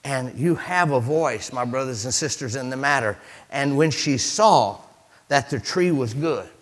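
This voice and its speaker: A man preaching a sermon as pastor, animated, with sudden swings between loud emphasis and hushed asides. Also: medium pitch, a little slow.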